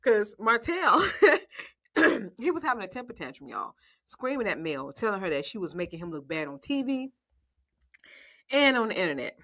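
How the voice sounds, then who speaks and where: A woman's voice: medium pitch, very animated, moderate pace, long pauses, bright, forceful tone. A woman giving casual, sassy recap commentary on a reality show, swearing freely, often laughing and talking straight to her viewers. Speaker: reality TV reviewer.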